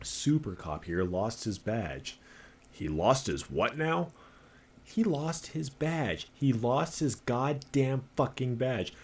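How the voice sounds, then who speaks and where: A man voicing a crude police sergeant who loudly mocks a colleague. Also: deep voice, big pitch swings, slow pace, full character voice. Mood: mocking. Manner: jeering, loud, crude. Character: mocking loud male police sergeant.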